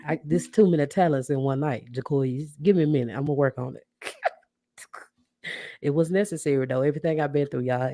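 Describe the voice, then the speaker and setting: A woman's voice: low voice, no echo. Chatty woman podcast host, dry sound. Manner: chatty, keeps addressing viewers as y'all; warm and grateful, reacts to comments. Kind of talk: casual livestream chat with viewers.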